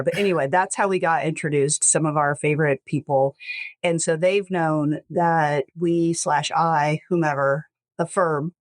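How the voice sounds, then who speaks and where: Casting: lower-voiced woman host, casual chatty podcast, dry close sound. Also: dry recording. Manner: rambling, self-correcting, jokey. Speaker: podcast host, estate lawyer.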